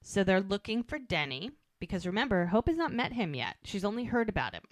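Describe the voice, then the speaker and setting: A woman co-hosting a podcast in casual chat, recapping a TV episode with animated storytelling. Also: medium pitch, fairly quick, no echo, studio quality. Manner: animated storytelling, often acts out dialogue. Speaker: podcast co-host.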